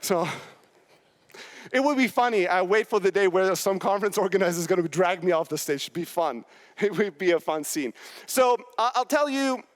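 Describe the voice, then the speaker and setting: A man in his thirties giving a blunt, profane, high-energy motivational talk on a conference stage. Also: lively intonation, moderate pace. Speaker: keynote speaker.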